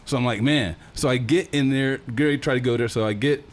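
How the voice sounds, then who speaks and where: A young man telling a wild story in casual, profane, animated talk. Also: mid-range voice, a little fast. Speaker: guest telling a travel story.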